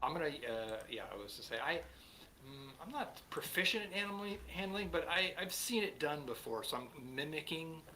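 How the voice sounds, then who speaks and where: A man playing a tabletop game, curious and hesitant, with many pauses. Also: on the high side, lively intonation, sharp tone, slight background noise. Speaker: player. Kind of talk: casual chat at a game table.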